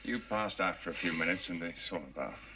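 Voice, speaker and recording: A calm TV doctor. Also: male voice, deep voice, brisk. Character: calm male doctor tending a colonel. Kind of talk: 1970s TV drama acting. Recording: dull, noisy old TV soundtrack.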